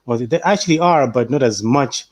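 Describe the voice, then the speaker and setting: A man from Malawi on a casual podcast panel, speaking in a measured, conversational way and often asking "you know what I mean". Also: mid-range voice, expressive.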